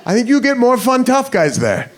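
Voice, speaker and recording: A man's voice: very high-pitched, wildly swooping pitch, normal speed, some chatter behind. A man doing stand-up comedy, telling a self-mocking story on a club stage. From United States.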